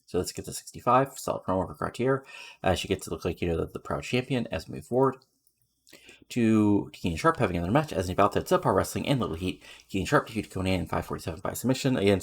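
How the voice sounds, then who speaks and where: Deep gravelly man rambling about a game. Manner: rambling, filler-heavy. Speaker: let's play commentator. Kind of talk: casual gameplay commentary.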